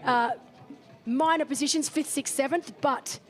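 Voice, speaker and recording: High-voiced woman commentating a race. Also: a little slow, faint music behind. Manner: enthusiastic, chatty. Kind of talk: live sports commentary. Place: commentary booth.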